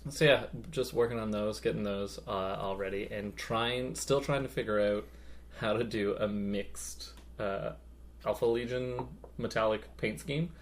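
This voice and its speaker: A man's voice: fairly low pitch, steady tone, measured pace. A man co-hosting a podcast, chatting casually and rambling with many fillers about his hobby. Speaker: podcast co-host.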